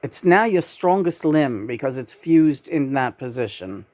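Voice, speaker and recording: Brief: preachy departed male spirit, voiced by a woman in her own low voice, lecturing, soothing. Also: lively intonation, unhurried, dark tone. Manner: lecturing, addresses the audience as folks.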